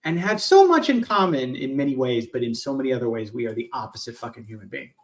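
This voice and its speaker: A man's voice: mid-range voice, expressive, fast. A man co-hosting a podcast, chatting casually in reactive, laid-back, profane remarks. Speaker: podcast co-host. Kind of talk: casual chat.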